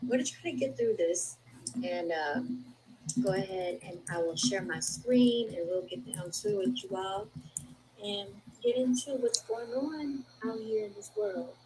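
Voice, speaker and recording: A woman's voice: mid-range voice, a little slow, darkish tone, a little hiss or hum, poor audio. A woman hosting her own show, chatting casually with listeners and reading passages from a book aloud over a video call. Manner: chatty, addresses listeners as y'all. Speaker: podcast host.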